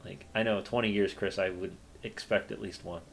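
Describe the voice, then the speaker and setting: A man's voice: fairly low pitch, steady tone, normal speed, creaky. A man acting as game master and host of a convention panel, chatting casually and rambling with plenty of fillers. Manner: rambling, self-deprecating, many fillers.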